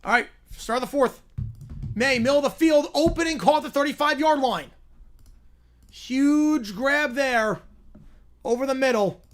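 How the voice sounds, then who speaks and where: A man's voice: extremely high pitch, soft background music. A man hosting a live stream, calling football play-by-play and answering viewer questions between plays. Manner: rises and slows into excited calls on big plays, drops to quiet asides answering chat.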